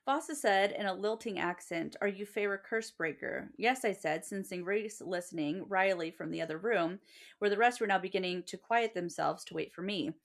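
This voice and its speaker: A woman's voice: medium pitch, moderate pace, gravelly. A woman co-hosting a book podcast, reading passages aloud with brief casual asides. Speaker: podcast co-host.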